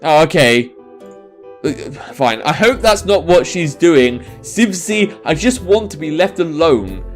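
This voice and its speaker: A man's voice: a little high, big pitch swings, a little slow, faint music behind. A young man reading a visual novel aloud and joking about its misspellings, stumbling and restarting over garbled words. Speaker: let's-play commentator.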